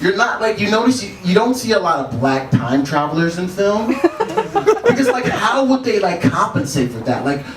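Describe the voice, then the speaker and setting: A male stand-up comic with a fairly high voice, talking in a laid-back way and chuckling after his own punchlines. His pitch moves around a lot. The mic sits at a distance in an echoey bar, with clear room ambience behind. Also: very animated, normal speed, a crowd in the background. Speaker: stand-up comedian. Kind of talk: stand-up set. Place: bar stage.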